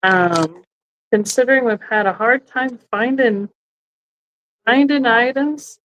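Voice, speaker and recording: A woman with a fairly high, fairly bright voice talks slowly while hosting a live online sale from a chair indoors. She chats casually and thinks aloud as she describes each item, often correcting herself, and the recording quality is low.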